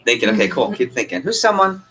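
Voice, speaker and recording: A man coaching a sales training class, energetic and quizzing the group with questions. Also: medium pitch, fast talker, a little hiss or hum, low-quality recording. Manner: energetic, asks the group questions and acts out phone calls.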